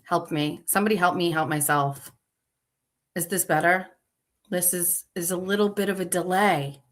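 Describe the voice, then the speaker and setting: A woman's voice: fairly low pitch, steady tone, moderate pace. A woman hosting a livestream in casual chat, flustered and talking to herself while she fixes her stream settings live. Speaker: show host.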